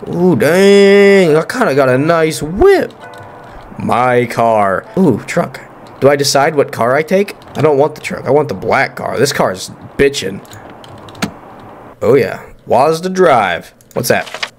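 A young man giving let's-play commentary on a horror game, excitable, joking and swearing as he reacts. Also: mid-range voice, a little slow, a little hiss or hum. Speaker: gaming YouTuber.

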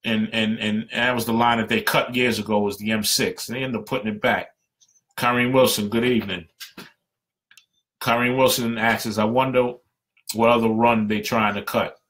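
A fired-up man addresses union members in a live stream, talking in a loose, colloquial way. His voice is bright and forceful, and he presses his points hard. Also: on the low side, steady tone, normal speed. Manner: passionate, emphatic, colloquial. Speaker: union representative.

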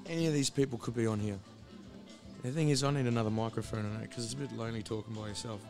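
Man, hoarse, husky gravelly voice, rambling casual chat, swears a lot, clear guitar music behind. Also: mid-range voice, fairly even intonation, very fast. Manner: rambling, swears freely, loses his train of thought. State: hoarse, voice recovering. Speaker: live-streamer. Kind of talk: casual pre-stream chat. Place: hostel.

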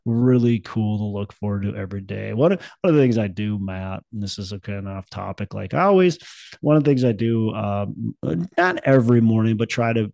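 Gravelly-voiced man hosting a chatty podcast. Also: lowish voice, a little fast, darkish tone, no room sound. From Minnesota. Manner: rambling, upbeat, many fillers and restarts. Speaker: podcast host. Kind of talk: casual podcast chat.

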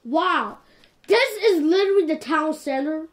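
A woman with a high voice giving casual game commentary. Her pitch swings widely, and she talks in an animated, exasperated way, circling back to the same complaints again and again. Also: moderate pace. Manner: animated and exasperated, repeats "like, for real". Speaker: gameplay commentator.

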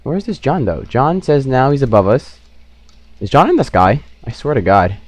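A young man talks through his game in lively, swooping commentary, joking and trash-talking as he plays. He breaks into loud shrieks when things get tense. His voice sounds close and dry. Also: medium pitch, normal speed, dry recording. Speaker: gaming channel host. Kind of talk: let's play commentary.

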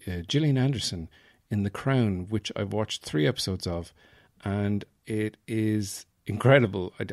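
Low-voiced rambling podcaster. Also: male voice, darkish tone. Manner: rambling, meandering, many fillers and restarts. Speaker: podcast host. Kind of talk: casual solo podcast chat.

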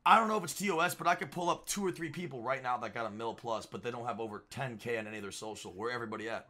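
A young man streaming a game, trash-talking and yelling in casual banter. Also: mid-range voice, racing. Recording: noisy game voice chat.

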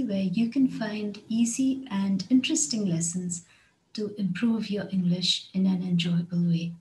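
A woman teaching an English lesson, speaking deliberately and patiently and repeating key words and examples. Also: mid-range voice, mellow, low-quality recording. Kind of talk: slow, careful lesson narration.

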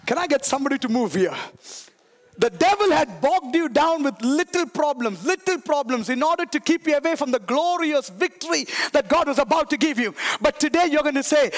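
A middle-aged man pastor preaching a sermon in a church, often shouting with emphasis and calling the congregation to respond. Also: very high-pitched, animated, a little fast, long reverb tail. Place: church sanctuary.

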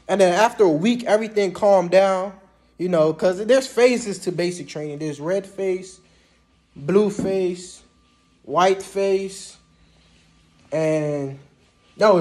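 A young man casually telling a story to the camera in a slangy, laid-back way, often tossing in words like "man" and "bruh". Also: high voice. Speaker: vlogger recounting Army basic training.

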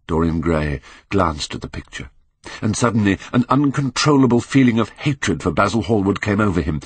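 A man narrating a classic novel as an audiobook, measured and expressive with dramatic swells, close to a studio mic. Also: on the low side, breathy edge, no echo. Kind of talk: scripted literary narration.

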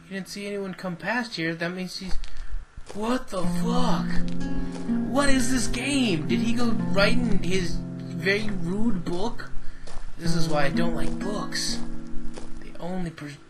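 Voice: mid-range voice, slow pace, rough recording. A gamer giving sarcastic, swearing commentary while playing a game. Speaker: let's-play gamer. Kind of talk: live gameplay commentary. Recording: loud game music behind.

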